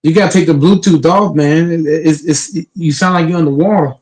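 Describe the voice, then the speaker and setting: A man's voice: on the high side, fairly even intonation, brisk, a little mellow, poor audio. Emphatic, profane man hosting a sports panel. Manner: emphatic, profane, repeats words when restarting. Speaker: host of an online sports talk panel. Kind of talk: casual sports debate.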